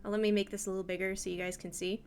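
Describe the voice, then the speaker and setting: A woman's voice: mid-range voice, flat delivery, rapid-fire. A woman game master casually narrating a tabletop game, swearing and using lots of fillers.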